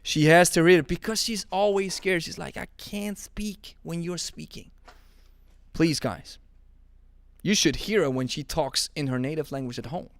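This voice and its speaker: A man's voice: fairly high pitch, moderate pace, no echo. A man who speaks natively hosts a live stream and chats casually with viewers, joking, laughing and repeating himself. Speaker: podcast host reading live chat.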